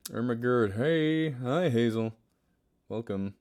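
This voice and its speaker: A man's voice: medium pitch, slow pace, darkish tone. A young man hosting a livestream, chatting casually with viewers, joking about himself and answering their questions. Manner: chatty, self-mocking, answers chat questions. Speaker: livestream host.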